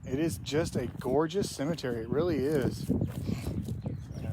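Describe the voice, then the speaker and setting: A male paranormal investigator hosts a casual vlog while walking through an outdoor cemetery, speaking softly and reverently and reading names aloud. His voice is medium in pitch at a normal speed, with faint outdoor noise in the background.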